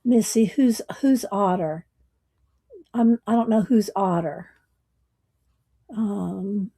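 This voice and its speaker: A woman's voice: mid-range voice, warm tone, husky. A woman hosting a casual livestream, greeting viewers by name and chatting in a rambling way. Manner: slow, rambling, with fillers and small laughs. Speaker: livestream host.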